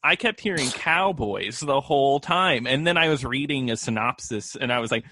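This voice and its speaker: A man's voice: mid-range voice, lively intonation, normal speed, bright, forceful tone, a little hiss or hum. A man co-hosting a podcast, talking about a movie in a chatty, easygoing way and laughing easily. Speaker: podcast co-host. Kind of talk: casual movie review chat.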